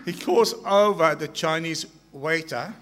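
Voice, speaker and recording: A man telling jokes to a crowd at a slow, drawn-out pace, laughing at his own punchlines. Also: fairly high pitch, fairly bright tone, big-room sound. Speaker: joke teller. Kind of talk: stand-up joke telling to a crowd.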